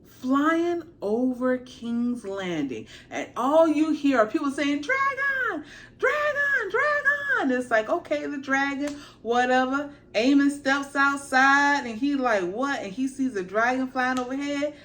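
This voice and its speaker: Unhurried and with few pauses, a woman whose voice sits high recaps a TV episode as a reviewer. Her storytelling is animated and full of slang, and she acts out the characters along the way.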